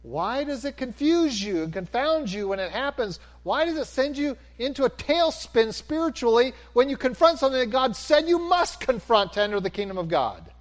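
A man preaching a sermon, animated, swinging from near-shouts down to a calm, low delivery. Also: normal speed, hardly any pauses.

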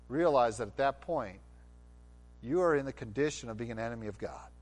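A man's voice: mid-range voice, animated, moderate pace. A middle-aged man preaching a sermon, with acted quotes and passionate, rising delivery. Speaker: pastor.

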